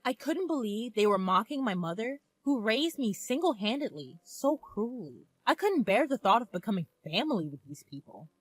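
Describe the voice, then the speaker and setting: A woman in her twenties narrating a first-person story in a calm, reflective manner. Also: fairly high pitch, moderate pace, few pauses, no room sound. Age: 20s.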